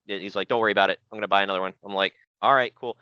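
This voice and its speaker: A man's voice: lowish voice, fairly even intonation, racing, pushed and bright, clean tone, dry recording. A man hosting a podcast, rambling through stories about friends with frequent laughs and impressions. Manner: rambling storyteller, laughs often, mimics friends. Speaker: podcast host. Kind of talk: casual chat. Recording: dry, muffled podcast audio.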